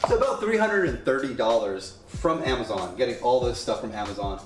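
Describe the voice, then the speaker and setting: A man's voice: mid-range voice, animated, brisk. Chatty man in an echoey room. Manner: chatty, rambling, joking asides. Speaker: home coffee vlogger. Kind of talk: casual product demo. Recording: echoey room with faint music.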